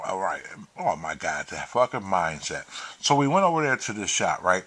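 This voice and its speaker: A man hosting a show, telling a story in a profane, animated way and acting out the quotes. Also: on the low side, a little fast. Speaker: host. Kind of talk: casual storytelling.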